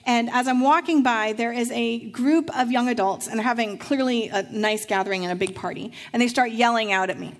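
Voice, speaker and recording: A middle-aged woman pastor delivering a sermon, telling a lively personal story and acting out the voices of the people in it. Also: on the high side, a little fast, few pauses. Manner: storytelling, acts out voices in anecdotes.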